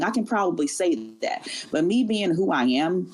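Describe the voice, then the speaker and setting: Low-voiced woman talking fast. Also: lively intonation, a little mellow, husky. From Chicago. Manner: earnest, fast-talking, repeats words. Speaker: guest, airline professional. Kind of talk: casual interview talk.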